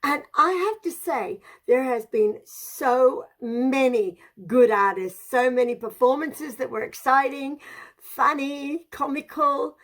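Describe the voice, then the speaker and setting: Effusive female juror, slightly high voice, unhurried and emphatic. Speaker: guest jury member. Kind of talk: jury vote announcement.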